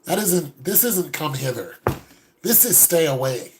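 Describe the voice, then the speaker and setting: A man giving a casual, joking critique with animated, mock-preachy asides. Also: on the high side, unhurried, noisy background. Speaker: dating and style commentator.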